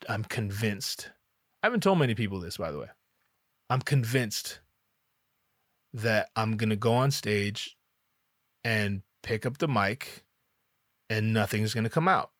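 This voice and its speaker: A man's voice: mid-range voice, a bit bright, no room sound, studio quality. Candid, swearing man telling a story. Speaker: rapper. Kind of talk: casual personal storytelling.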